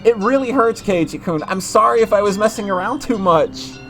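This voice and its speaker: A man's voice: sits high, animated, fairly quick, a bit bright, soft background music, voice pushed up, low-quality recording. A man reading a visual novel aloud, voicing an eerie teenage girl who coaxes sweetly and then pleads with repeated apologies. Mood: pained pleading.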